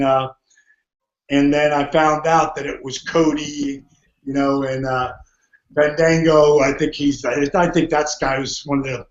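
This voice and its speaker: High-voiced man telling a story with gusto. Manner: energetic, laughs often, acts out quotes. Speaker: podcast guest. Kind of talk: animated storytelling. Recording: muffled, roomy audio.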